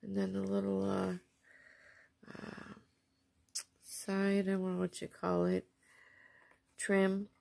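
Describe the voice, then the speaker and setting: A woman chatting casually at home as she shows off craft mail and bargain finds, gushing softly and sometimes dropping to a near whisper. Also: lowish voice, sing-song, takes it slowly, vocal fry, pauses often, a little hiss or hum. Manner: soft, gushing, often drops to a near whisper. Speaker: craft vlogger showing received mail and shopping finds. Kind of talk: casual show-and-tell chat.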